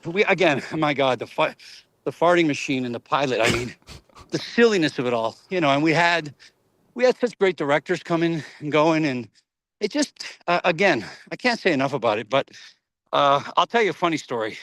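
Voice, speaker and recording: A middle-aged man, an actor guest in a casual interview, telling animated stories, laughing often and acting out voices. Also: on the high side, brisk, no room sound.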